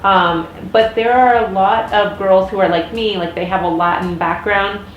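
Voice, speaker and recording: A woman's voice: medium pitch, fairly even intonation, moderate pace, muffled recording. A woman in her thirties with an American accent, rambling through a casual vlog rant with many fillers and restarts. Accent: General American. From United States. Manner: chatty, frequent restarts and fillers. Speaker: vlogger. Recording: echoey room with faint noise.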